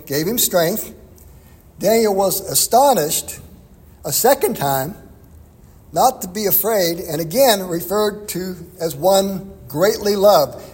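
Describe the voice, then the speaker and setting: A man's voice: high voice, a little mellow, husky, in a large hall. A man preaching an expository sermon in a conversational way, chuckling now and then. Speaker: pastor.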